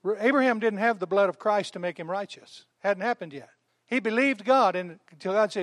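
A man preaching a sermon in an animated, folksy way, hammering points through repetition. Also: high-pitched, a little fast, no echo, studio quality. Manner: folksy, calls listeners honey. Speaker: pastor.

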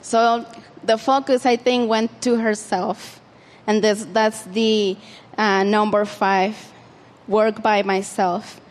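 A woman's voice: mid-range voice, level tone, slow, long reverb tail. A woman preaching an informal sermon in a conversational way, with frequent fillers and restarts.

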